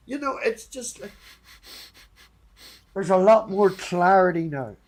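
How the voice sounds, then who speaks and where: A man's voice: sits high, slow. A man hosting a livestream, chatting casually in a blunt, sweary way. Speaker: stream host.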